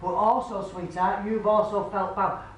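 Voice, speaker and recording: A woman's voice: mid-range voice, steady tone, normal speed. Echoey far-off woman medium. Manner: keeps asking "do you understand, please?"; chatty, homely, addresses the sitter as love and sweetheart. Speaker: spiritualist medium. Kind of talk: live mediumship reading to an audience. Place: club function room. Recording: very echoey room, far mic, faint noise.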